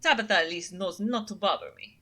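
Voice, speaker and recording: A woman's voice: mid-range voice, a little fast, bright, forceful tone. A woman voicing a haughty, disdainful female cat, in a sneering attempt at a French accent. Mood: cold threatening.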